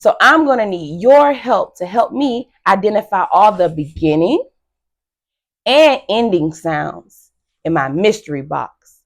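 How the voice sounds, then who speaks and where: A woman teacher giving a phonics lesson to young children, slow and encouraging with frequent praise. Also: mid-range voice, lively intonation.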